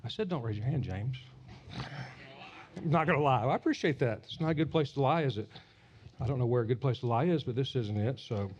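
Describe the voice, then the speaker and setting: A pastor delivering a sermon at a church service, animated and teasing the congregation. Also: male voice, mid-range voice, fast, lo-fi sound.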